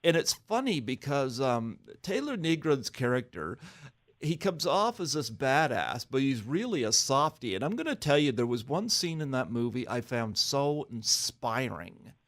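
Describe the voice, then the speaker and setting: A man's voice: medium pitch, very animated, moderate pace, fairly bright tone. A man hosting a podcast interview, chatting enthusiastically about a movie. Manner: enthusiastic, acts out movie quotes. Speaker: podcast host. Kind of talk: casual interview chat.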